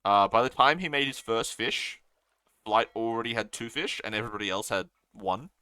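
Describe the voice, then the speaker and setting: A man's voice: fairly low pitch, clean tone, no echo. A man from Australia casting a strategy game live, reacting eagerly to plays and answering chat. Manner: excitable, quick reactions, reads viewer chat aloud. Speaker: caster.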